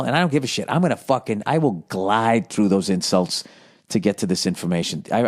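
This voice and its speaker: A man in his forties from the United States, hosting a podcast with a profane, animated, self-mocking comedic rant. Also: mid-range voice. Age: 40s. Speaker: podcast host.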